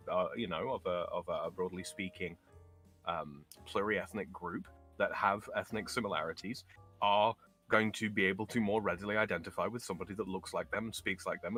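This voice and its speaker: A man as a guest in a casual political chat, arguing in a measured way with lots of fillers and restarts. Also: on the low side, fairly bright tone. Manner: halting, many fillers and restarts, measured argument. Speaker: podcast guest.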